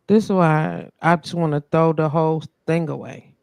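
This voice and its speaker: A woman hosting a live online show, talking casually and venting her frustration as she works through technical trouble. Her voice has a gravelly, creaky edge, recorded close and dry with no room sound. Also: deep voice, fairly even intonation, normal speed, a little mellow, no room sound. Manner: frustrated, muttering while fixing tech. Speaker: host. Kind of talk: casual live-stream chat.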